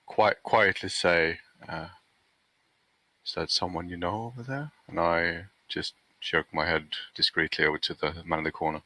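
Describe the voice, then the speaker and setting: A man with a very low, bright voice playing a tabletop game. His talk is casual and a little hesitant, heard dry and close. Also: steady tone, normal speed, dry recording. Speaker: player.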